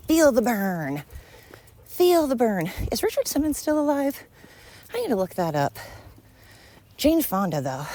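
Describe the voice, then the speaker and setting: A woman's voice: lowish voice, dark tone. A middle-aged woman hosting a casual, rambling podcast monologue while walking uphill, chatty and blunt, swearing freely and poking fun at herself, a little out of breath. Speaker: podcast host. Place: outdoors walking, yard work noise around.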